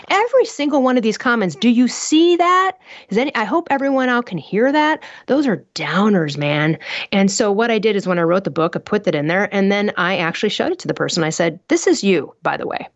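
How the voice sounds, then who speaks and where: A woman's voice: mid-range voice, expressive, fast talker, no echo. Blunt, emphatic woman podcast guest. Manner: emphatic, blunt storytelling with rhetorical questions. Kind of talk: animated interview talk. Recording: muffled dry podcast audio.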